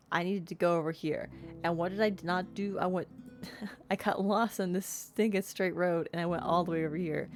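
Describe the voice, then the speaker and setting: A young woman streaming a game, chatting playfully and rambling about her progress. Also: on the low side. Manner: chatty, playful, self-described yapper. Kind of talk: casual let's-play chat.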